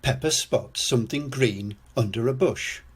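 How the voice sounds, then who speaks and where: An older man reading a children's storybook aloud, gentle and expressive. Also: medium pitch, unhurried, husky.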